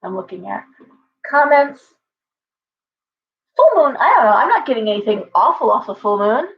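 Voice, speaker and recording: A woman's voice: a little high, big pitch swings, normal speed, vocal fry, lo-fi sound. A woman hosting a casual livestream from home, chatting in a rambling way with viewers and her pet bird. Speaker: livestream host and tarot reader.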